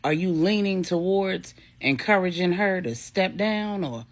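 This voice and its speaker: A woman's voice: lowish voice, lively intonation, a little slow. A woman voicing a supportive, approving man in the family, in a storybook reading.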